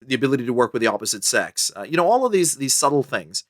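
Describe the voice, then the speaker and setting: Male author-guest, mid pitch, lively and chatty, dry close podcast mic. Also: fast, no echo. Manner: animated, chatty, full of fillers and pitch jumps. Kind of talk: casual conversational interview.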